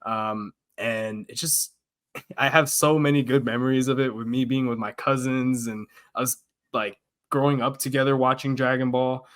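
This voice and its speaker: A young man co-hosting a podcast in a relaxed casual chat, laughing often. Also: mid-range voice, normal speed. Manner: laid-back, laughs often, says "man" a lot. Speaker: podcast co-host.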